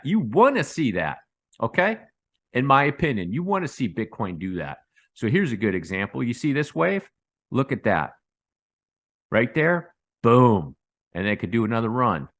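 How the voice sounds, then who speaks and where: A man hosting a casual chart commentary, rambling and repeating himself, calling his viewers guys and breaking into excited bursts. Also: medium pitch. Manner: excitable bursts with sound effects. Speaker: crypto channel host.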